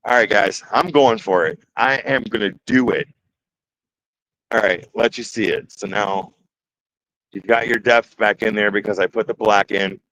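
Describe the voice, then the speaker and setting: A man's voice: fairly low pitch, measured pace, a bit bright, poor audio. A man from the Detroit area, hosting a casual woodworking livestream, joking, reading chat comments aloud and voicing his nerves as he works. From Detroit area, Michigan. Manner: chatty, joking, reads chat aloud, nervous exclamations. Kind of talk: casual live-stream chat.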